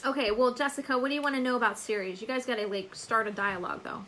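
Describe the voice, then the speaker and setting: Bright, chatty woman hosting a live stream. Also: fairly high pitch, quick pace, low-quality recording. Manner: chatty, laughs often, calls viewers by name. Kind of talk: casual live-stream chat answering viewer comments.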